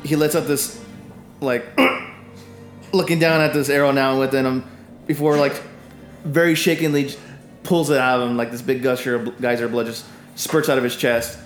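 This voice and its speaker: A man running a tabletop game as game master, narrating combat in halting, filler-heavy descriptions. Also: medium pitch, flat delivery, roomy sound, faint music behind.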